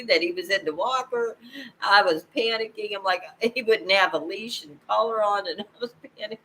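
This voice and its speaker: An older woman talking casually to camera at home, rambling and halting, with frequent laughs. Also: mid-range voice, sharp tone, rough recording. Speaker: vlogger. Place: at home, indoors.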